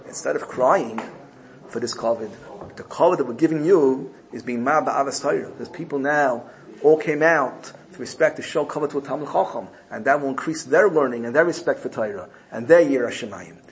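A man's voice: medium pitch, a little fast, rough recording. A man giving a Torah lesson in sermon style, telling a story emphatically and often repeating his phrases. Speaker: Torah teacher.

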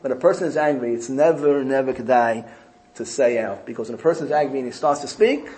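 A man teaching a Torah class, weaving Hebrew terms into his English and slowing down to quote each verse. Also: medium pitch, a little mellow, a little hiss or hum, low-quality recording.

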